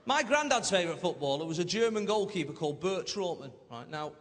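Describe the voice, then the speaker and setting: A young Manchester man with a high, sing-song voice races through a stand-up set on a large theatre stage, chatty and cheeky as he banters with the crowd. The live recording is echoey, full of loud audience laughter and applause.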